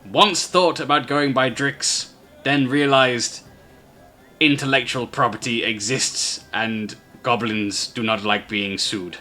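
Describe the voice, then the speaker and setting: Deadpan goblin stablehand in a tabletop game, bright and clipped; a man voices him. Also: mid-range voice, slow pace, faint music behind. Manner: clipped broken speech. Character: laid-back male goblin stablehand, curt.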